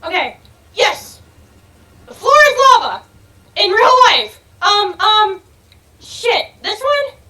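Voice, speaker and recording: A young woman giving let's-play commentary on a game, excitable, swearing freely and yelling and laughing as she plays. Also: very high-pitched, slow, long pauses. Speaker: gaming video creator.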